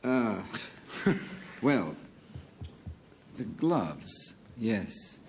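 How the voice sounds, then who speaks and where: Low-voiced man bluffing on a panel game. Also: big pitch swings, drawn-out words, slight background noise. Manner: hesitant, stumbling restarts, then confident bluffing. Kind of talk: casual panel-game talk.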